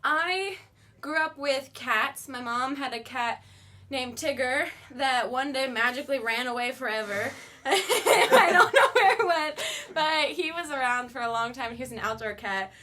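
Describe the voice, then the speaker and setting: Bright, high-voiced woman hosting a web show. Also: lively intonation, measured pace, a little hiss or hum. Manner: goofy, joking, self-deprecating rambling. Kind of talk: casual live-stream chat. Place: studio.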